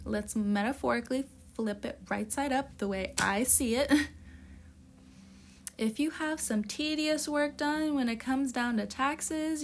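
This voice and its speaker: A woman's voice: on the high side, a little hiss or hum. Blunt, youthful-sounding woman tarot reader. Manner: blunt, profane, tough-love. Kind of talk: casual spoken tarot reading.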